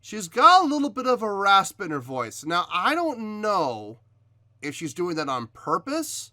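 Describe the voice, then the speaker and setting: A man hosting a reaction video, giving measured critique in casual talk, often pausing with ums and restarting his sentences. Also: high-pitched, huge pitch swings, pushed and bright. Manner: hesitant, many ums and restarts. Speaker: reaction video host reviewing a singer. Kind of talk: casual spoken commentary.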